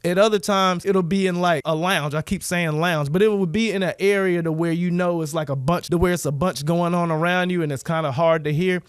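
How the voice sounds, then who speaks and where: A man's voice: sits high, fairly even intonation, a little fast, few pauses, smooth, no room sound, studio quality. A man vlogger delivering a casual, profane, rambling rant straight to his viewers. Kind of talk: casual ranting monologue.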